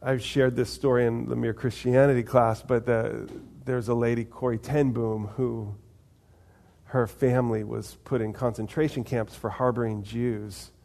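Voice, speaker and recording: A man's voice: medium pitch, little pitch movement, moderate pace, gravelly, a little mellow. A man preaching a conversational sermon, asking the congregation questions and acting out little dialogues. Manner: conversational, asks the audience questions, acts out voices of God and people. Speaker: pastor.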